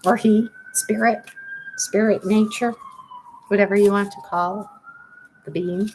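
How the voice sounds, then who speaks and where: A woman's voice: mid-range voice, steady tone, measured pace, pauses often, a little mellow, a little hiss or hum, low-quality recording. A middle-aged woman giving a spiritual card reading to her viewers, earnest and pleading, repeating her phrases.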